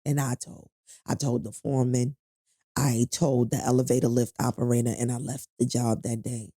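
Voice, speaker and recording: A woman's voice: very deep voice, level tone, normal speed, warm tone, no echo. A middle-aged woman guest on a podcast, retelling a painful personal story in a blunt, profane, emphatic way.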